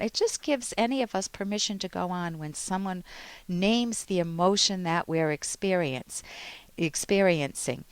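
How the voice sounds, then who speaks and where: Calm woman psychologist giving advice. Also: mid-range voice, moderate pace, smooth, no room sound. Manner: calm, instructive, gently explaining. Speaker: radio psychologist host. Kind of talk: advice radio talk.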